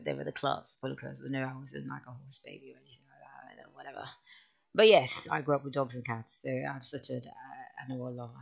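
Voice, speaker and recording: A woman's voice: extremely low pitch, creaky, fairly bright tone. A young woman chatting casually as a host, reading out listener messages and bursting into laughing mock outrage. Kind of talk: casual chat. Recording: dull lo-fi recording.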